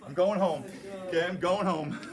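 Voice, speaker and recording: A man's voice: sits high, moderate pace, very noisy. A man teaching a chemistry class, explaining and joking with his students as he goes. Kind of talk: classroom lecture.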